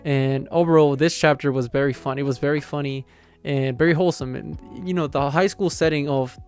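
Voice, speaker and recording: A man's voice: on the high side, steady tone, fairly quick, a little mellow, clear, resonant tone. Rambling casual man with faint music. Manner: rambling, heavy on "like" and "you know" fillers; amused, laughs while retelling. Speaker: manga chapter reviewer. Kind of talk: casual spoken recap.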